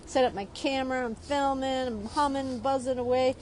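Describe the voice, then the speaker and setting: A woman from Chicago, a drawing teacher, telling a story in a lively, chatty way while she draws. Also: sits high, normal speed, a little hiss or hum. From Chicago, USA. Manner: lively, keeps asking "right?".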